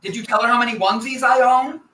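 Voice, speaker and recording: With an extremely high, pushed and bright voice, this man talks fast in a steady tone. As a live-show guest, he playfully ribs the host and rambles through funny anecdotes, sounding distant and echoey in the room.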